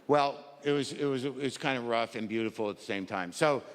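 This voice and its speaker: A man's voice: mid-range voice, a little fast. A man performing a stand-up routine on a live stage, telling a rambling, stammering, self-deprecating story. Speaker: stand-up comedian. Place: live comedy stage before an audience. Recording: reverberant live hall with audience.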